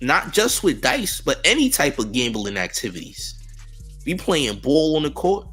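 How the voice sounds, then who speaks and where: A man's voice: on the high side, big pitch swings, measured pace, fairly bright tone, breathy edge. Man, news commentary host, casual slangy talk, mocking riffs, repeats himself, faint background music.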